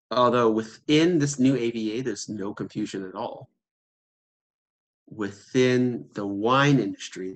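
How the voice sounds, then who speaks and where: A man giving a conversational seminar talk, telling stories with quoted voices and asking rhetorical questions. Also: on the low side. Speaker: seminar speaker.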